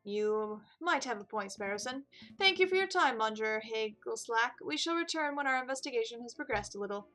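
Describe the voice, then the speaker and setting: A woman voicing a composed male falcon defense attorney who speaks in a calm, measured way. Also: fairly high pitch, faint music behind.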